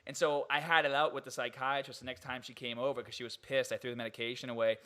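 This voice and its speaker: A young man hosting a podcast, talking in an animated, incredulous way and laughing often. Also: medium pitch, fast, clear, resonant tone. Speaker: podcast host. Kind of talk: casual podcast chat.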